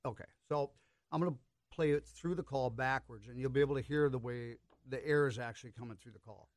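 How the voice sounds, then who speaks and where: A man talks quickly on a radio show, explaining step by step how air moves through a duck call. His delivery is plain and instructive. The sound is dry and close. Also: mid-range voice, no room sound. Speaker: duck call expert guest. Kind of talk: casual radio talk, explaining a demonstration.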